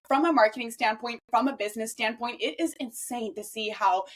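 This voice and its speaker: A woman in her twenties hosting a podcast, talking fast and swearing freely in a casual monologue. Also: fairly high pitch. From Los Angeles, US. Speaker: podcast host.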